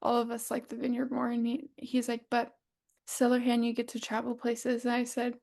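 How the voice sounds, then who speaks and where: American woman chatting on a podcast, bit high, gravelly, acts out quotes and laughs a lot. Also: normal speed. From United States. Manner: animated storytelling, acting out quotes, laughing often. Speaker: podcast co-host. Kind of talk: casual chat.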